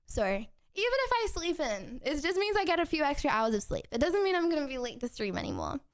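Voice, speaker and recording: High-voiced young woman chatting on a stream. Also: wildly swooping pitch, brisk. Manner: chatty and rambling, with frequent restarts and giggles. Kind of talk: casual chat with viewers.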